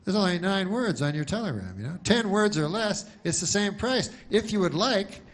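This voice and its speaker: A man's voice: sits high, sing-song, moderate pace, pitched above the performer's own voice. A man voicing a fussy, overly helpful telegram clerk in a chatty way.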